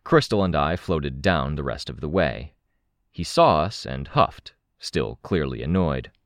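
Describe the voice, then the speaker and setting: Deep, slow male audiobook narrator. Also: expressive, no echo, studio quality. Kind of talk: first-person fiction narration.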